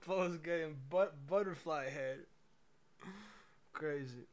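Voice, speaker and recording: A man's voice: on the high side, slow. A man streaming live, reacting to clips with short offhand quips. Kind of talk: casual live-stream commentary. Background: loud music from played clips.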